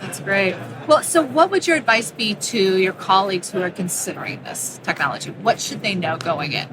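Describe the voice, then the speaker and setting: Woman, interviewer, mid pitch, attentive, noisy exhibit hall. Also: animated, moderate pace. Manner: attentive, many short backchannels. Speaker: interviewer, magazine editor. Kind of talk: interview questions. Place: busy exhibit hall floor. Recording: noisy convention floor.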